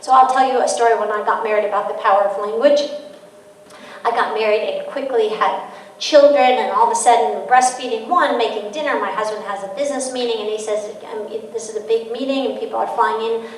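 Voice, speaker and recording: A middle-aged woman giving a lively parenting talk to an audience, telling stories and acting out quoted voices. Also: fairly high pitch, brisk. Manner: storytelling with quoted voices and laughter. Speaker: guest speaker on parenting. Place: large hall. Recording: echoey hall from far off, faint noise.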